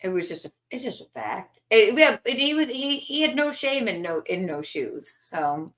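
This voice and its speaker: A woman's voice: a little high, very animated, moderate pace, a bit bright. A woman guest in a casual hotel-room chat, telling stories and riffing playfully on jokes. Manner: playful storyteller, riffs on jokes. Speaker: guest comedian.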